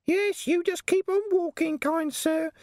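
A man voicing a shrill, sweetly menacing old woman in an audiobook reading, in a falsetto with sing-song politeness. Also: steady tone, unhurried, a little mellow, no room sound, studio quality. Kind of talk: audiobook character voice.

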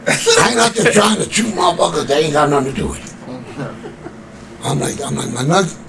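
A man's voice: fairly high pitch, a little fast, creaky, a crowd in the background. A man casually telling a street story from his youth, swearing freely and acting out what others said. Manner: profane, animated street storyteller acting out quotes.

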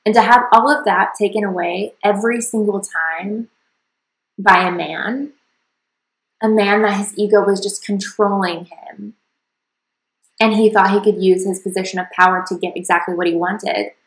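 Woman on her podcast, earnest confessional storytelling, gravelly fry, kinda echoey room. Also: medium pitch, steady tone, normal speed. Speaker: podcast host. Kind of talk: personal storytelling monologue.

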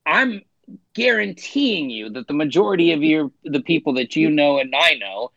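A man who hosts a morning radio show, chatting as a guest and joking in a lively way. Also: fairly high pitch, normal speed, vocal fry, no echo, lo-fi sound. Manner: joking, animated storyteller. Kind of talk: casual chat.

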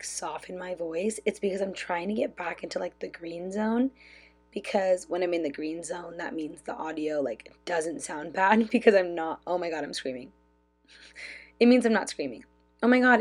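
A woman's voice: medium pitch, husky. Bubbly young woman podcasting into a phone. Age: young adult. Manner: bubbly, loud, lots of "like" fillers. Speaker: podcast host. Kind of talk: casual chat, like a voice memo. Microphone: phone with clip-on lav mic.

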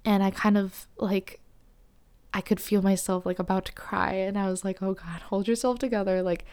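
Young woman telling a story on her podcast, gravelly, flat delivery, lots of "like", drops to whispers sometimes. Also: mid-range voice, normal speed. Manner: candid, breathy whispered asides, frequent "like" fillers. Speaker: podcast host. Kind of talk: personal storytelling.

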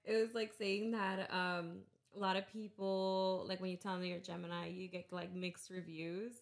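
A woman's voice: fairly low pitch, level tone, normal speed. A woman co-hosting a podcast, chatting casually, laughing often and swearing freely. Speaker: podcast co-host. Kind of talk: casual chat.

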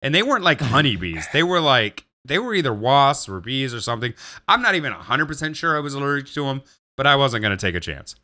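A man's voice: medium pitch, quick pace. A young man on a casual podcast, telling a long rambling, swearing story. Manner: rambling, swearing, animated retelling. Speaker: podcast co-host.

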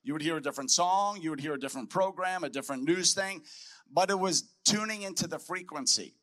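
Male preacher, bright, slightly high, emphatic delivery, conference sermon. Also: fast talker. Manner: emphatic, repeats key phrases. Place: conference hall.

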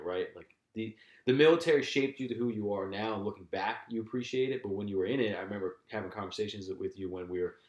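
Casting: young male podcast host, low voice, easygoing chat, echoey room. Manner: laid-back, many fillers and restarts. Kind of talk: casual conversation.

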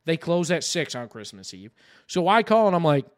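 Casual profane podcast co-host, man, fairly high voice, exasperated rant. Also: very animated, moderate pace. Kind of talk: casual chat, storytelling.

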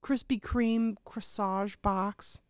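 A woman with a clear, smooth voice jumps into a casual film recap with quips and quoted lines. The recording is dry and close-miked. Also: mid-range voice, fairly even intonation, slow pace, dry recording. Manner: chiming in, jokey, quoting characters. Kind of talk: casual movie recap chat.

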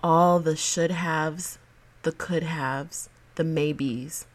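A woman hosting her own podcast, giving a slow, affirming pep talk to her listeners. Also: deep voice, fairly even intonation. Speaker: podcast host. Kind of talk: solo podcast monologue.

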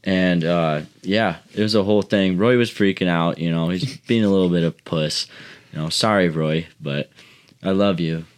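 A low-pitched man spins a rowdy, profanity-laced story among friends. His talk rambles and restarts as he relives the chaos, in a loose podcast chat. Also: normal speed, clear, resonant tone. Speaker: podcast co-host.

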